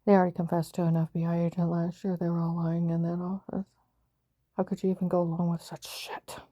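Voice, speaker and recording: A woman's voice: on the low side, level tone, fairly quick, mellow, dry recording, studio quality. A woman recounting her own experience in an agitated, rambling way, jumping between quoted speech and narration. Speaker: vlogger telling her own story. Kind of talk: rambling personal account.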